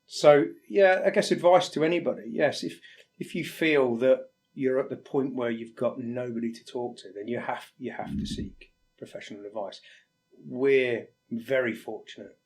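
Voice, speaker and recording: An English firefighter reflects in an interview as a guest, speaking candidly and haltingly. He sometimes acts out the conversations he quotes. His voice is middle-pitched with a darkish tone.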